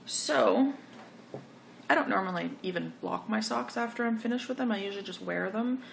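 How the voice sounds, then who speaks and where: A woman's voice: mid-range voice, normal speed, creaky, a little hiss or hum. A woman hosting a knitting video podcast, talking casually and rambling through her finished projects. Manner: chatty, rambling, self-correcting. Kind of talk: casual show-and-tell chat.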